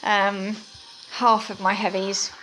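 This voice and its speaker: A woman's voice: mid-range voice, level tone, takes it slowly, fairly bright tone, a little hiss or hum. A woman hosting a gaming channel, giving chatty mobile game commentary with lots of ums and frequent asides to viewers as "guys". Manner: chatty, filler-heavy, addresses viewers as guys.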